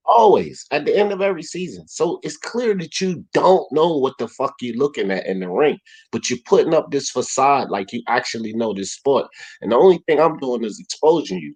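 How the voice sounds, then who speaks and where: A man hosting a boxing talk livestream, animated and heated, swearing freely and rising to shouts. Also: medium pitch, breathy edge, rough recording.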